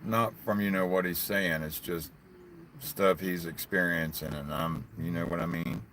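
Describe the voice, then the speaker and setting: Brief: very low-voiced man, Southern drawl, blunt and cussing, rambling live-stream talk, faint ambience behind. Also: steady tone, moderate pace, fairly bright tone, slight background noise. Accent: Southern US hillbilly. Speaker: livestreaming vlogger. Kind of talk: casual live-stream chat.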